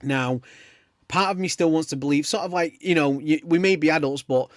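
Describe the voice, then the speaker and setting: A man's voice: a little high, brisk, dry recording, studio quality. A man hosting a casual podcast, rambling and joking as he tells stories. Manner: rambling, jokey, lively storytelling. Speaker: podcast host.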